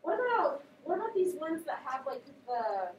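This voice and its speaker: A woman teaching a class, questioning her students in an animated way. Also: high voice, moderate pace, muffled recording. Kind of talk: classroom read-aloud and discussion. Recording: echoey classroom, voice from a distance, faint background noise.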